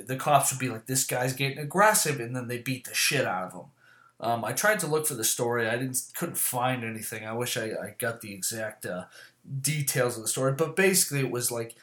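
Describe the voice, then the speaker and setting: A man chatting casually to camera, rambling and swearing often, with lots of fillers and quick self-corrections. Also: fairly high pitch, a bit bright. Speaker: vlogger. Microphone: camera mic. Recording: echoey room.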